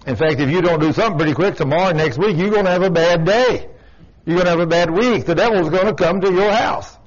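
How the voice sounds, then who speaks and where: A man's voice: high voice, fast. A man preaching a sermon in a church, folksy and emphatic, telling stories to his congregation. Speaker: pastor. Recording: dull lo-fi church recording.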